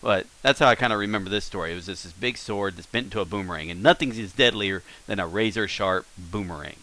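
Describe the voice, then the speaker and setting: A man's voice: sits low, quick pace, bright, forceful tone, rough recording. A man teaching a casual recorded lesson, explaining in a rambling way with many fillers and self-corrections.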